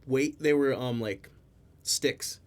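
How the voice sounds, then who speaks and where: A young man on a casual podcast with friends, at an ordinary middle pitch. He gropes for words, full of fillers and restarts. The talk is easygoing and unhurried. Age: young adult. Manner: halting, many fillers and restarts. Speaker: podcast co-host. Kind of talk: casual chat.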